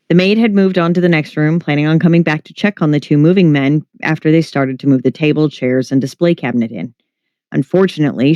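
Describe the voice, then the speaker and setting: Fiction narrator, even delivery, mid pitch, dry muffled recording. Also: no room sound. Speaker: story reader. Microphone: home mic, livestream.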